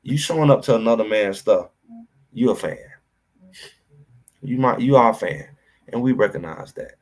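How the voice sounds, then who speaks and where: Low-voiced man ranting about football. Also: moderate pace. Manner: animated, preachy rant, addresses chat directly. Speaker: sports talk host. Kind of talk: livestream sports commentary.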